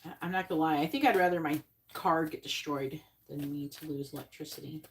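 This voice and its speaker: A woman's voice: sits low, steady tone, brisk, background noise. A woman from Florida giving a live-stream tarot reading, chatting and thinking aloud between card pulls. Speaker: psychic reader.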